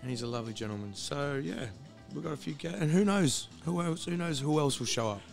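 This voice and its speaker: A hoarse man with a husky voice, chatting casually and rambling before a live stream, swearing freely and losing his train of thought. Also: fairly high pitch, lively intonation, a little fast, soft background music. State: hoarse, voice recovering. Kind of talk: casual pre-stream chat. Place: hostel.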